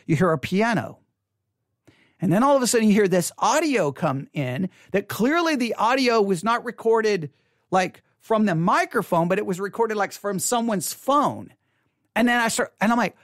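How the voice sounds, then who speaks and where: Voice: mid-range voice, expressive, moderate pace, no room sound, clean studio sound. A speaker giving casual spoken commentary on an album, chatty and repetitive, often retelling their own reactions. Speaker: online commentator on faith and music.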